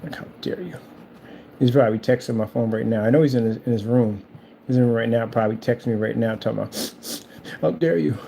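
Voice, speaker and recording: A man's voice: medium pitch, fairly even intonation, fast talker, creaky, mellow, a little hiss or hum. A man hosting his own channel, talking casually and teasingly in a rambling, repetitive way while he paints at home. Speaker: channel host. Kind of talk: casual trash-talking monologue.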